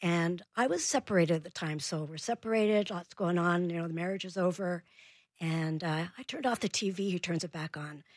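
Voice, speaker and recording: A woman, a parenting expert, telling an animated story as a guest in a radio interview, acting out the voices in it. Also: lowish voice, moderate pace, dry recording, clean studio sound. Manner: animated, acts out dialogue in her story.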